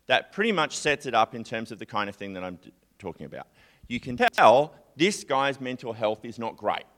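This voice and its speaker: A man giving a conversational sermon, chatty and animated, sometimes acting out a distressed psalmist's prayers. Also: mid-range voice, moderate pace. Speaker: preacher.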